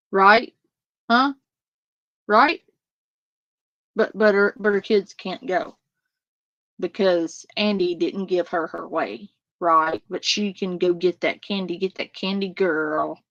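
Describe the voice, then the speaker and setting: A woman's voice: lowish voice, slow, pauses often, a bit bright, dry recording, lo-fi sound. A woman, ranting profanely and with exasperation as she reacts live on her stream.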